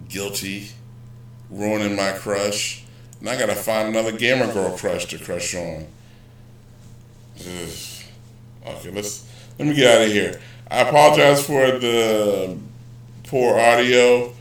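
A man rambling casually in a vlog, joking and correcting himself as he goes. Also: on the low side. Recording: roomy, distant, poor audio.

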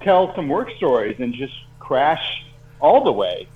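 A man's voice: medium pitch, big pitch swings, measured pace, phone-quality sound, over a noisy crowd. A man co-hosting a talk show, teasing and needling the host in casual banter.

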